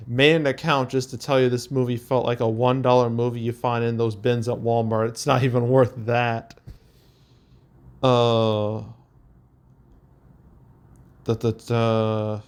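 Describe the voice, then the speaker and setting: Reading audience reviews aloud, a young commentary host talks in a clean, level, medium-pitched voice, a little slow and marked by long pauses. His delivery is rambling and filler-heavy, broken up by chuckles and stray hums.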